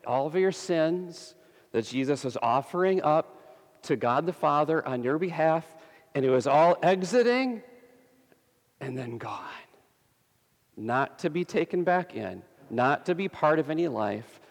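A male pastor delivers a sermon at a very slow, deliberate pace, leaning on each phrase with long pauses. His voice sits a little high and has a gravelly edge. The long reverb of a church hall trails behind every word. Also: expressive.

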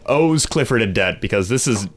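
A man's voice: fairly low pitch, lively intonation, normal speed, a little hiss or hum. An enthusiastic man co-hosting a casual movie podcast, laughing often. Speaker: podcast co-host.

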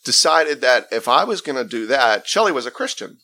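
Telling his faith testimony with earnest emphasis, a male interview guest keeps restarting phrases in a conversational exchange. He speaks fairly quickly in a medium-pitched, sharp voice with big pitch swings.

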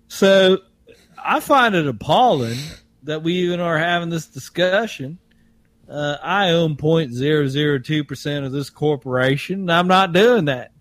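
A man playing a stubborn Southern bakery owner with a thick, syrupy drawl, pressing his point. The voice sits a touch high for a man. It is recorded close and dry. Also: no echo, natural voice. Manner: insistent, repeats the listener's name.

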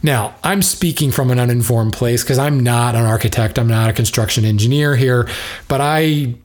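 A man in the lumber business talking through an idea in a loose, musing way. He drifts into side thoughts and circles back as he thinks aloud. His pitch sits in an ordinary middle range. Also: normal speed, darkish tone. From United States. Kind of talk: casual spoken commentary.

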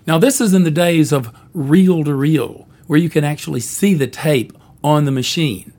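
A man's voice: a little high, normal speed, dark tone. Wry older man telling a story. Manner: wry, easygoing, self-deprecating. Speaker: jingle writer recounting his career. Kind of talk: storytelling reminiscence.

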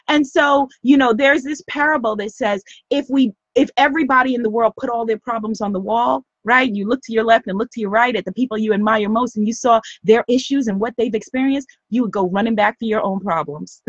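Emphatic woman hosting a live motivational stream; high, breathy voice over dull lo-fi audio. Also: dry recording. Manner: animated and emphatic, repeats phrases. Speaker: host of a live broadcast.

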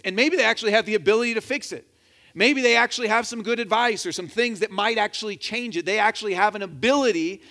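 A man preaching a sermon in a conversational, joking way, acting out little quotes as he goes. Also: high-pitched. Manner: animated, conversational with jokes and acted quotes. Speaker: pastor.

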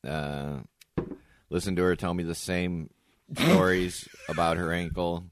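A man's voice: low-pitched, steady tone, measured pace, slight background noise. A man co-hosting a casual podcast, teasing his partner with dry wisecracks. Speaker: podcast co-host.

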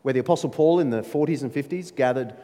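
A man preaching a sermon, emphatic and animated, with playful asides to his listeners. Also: medium pitch, quick pace. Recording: long reverb of a large hall.

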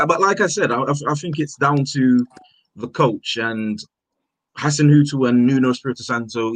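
A man venting about his football club on an online call, stumbling over repeated words and swearing as he gets worked up. His voice is husky and mid-pitched. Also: fairly bright tone, no room sound, poor audio. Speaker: football fan panelist. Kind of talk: heated casual football chat. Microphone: own mic on an online call.

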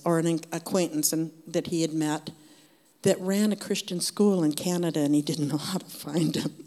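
A woman's voice: fairly low pitch, dark tone. An older woman sharing a personal faith testimony in a church group, telling her story in an earnest, conversational way. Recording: long hall reverb.

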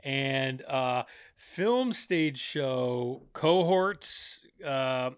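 A man's voice: mid-range voice, lively intonation, drawn-out words, clean tone, no room sound, clean studio sound. A man hosting a podcast in casual chat, rambling with lots of fillers and restarts. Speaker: podcast host.

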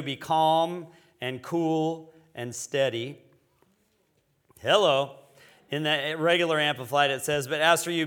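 A man, an associate pastor, preaching a conversational sermon, joking with the congregation and rising louder when he reads scripture. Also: a little high.

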